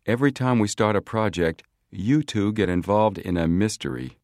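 A man's voice: fairly low pitch, animated, normal speed, darkish tone, no echo, studio quality, voice pushed up. A man voicing a teasing, wisecracking teenage boy. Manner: teasing, joking.

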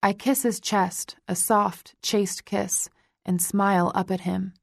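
Slow, gravelly woman narrating. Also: medium pitch, fairly even intonation, no room sound, clean studio sound. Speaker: audiobook narrator. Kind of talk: first-person romance narration.

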